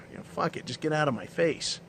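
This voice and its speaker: A man's voice: on the high side, brisk, a bit bright, a little hiss or hum. A man hosting his own show, delivering a blunt, profane, mocking monologue. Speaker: show host. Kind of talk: ranting monologue.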